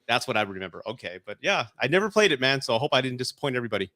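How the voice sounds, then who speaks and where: A man's voice: medium pitch, sing-song, racing, bright, forceful tone, no room sound. A man in his forties, a guest on a casual podcast chat, telling nostalgic stories with many restarts. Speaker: guest reviewer.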